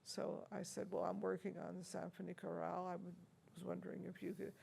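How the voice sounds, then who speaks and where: A fast-talking older organist recalls past encounters in a chatty university-room interview, with slight background noise. Her voice is low-leaning, a little mellow, gravelly, and husky, with flat delivery. She is anecdotal and full of fillers, laughing often between stories.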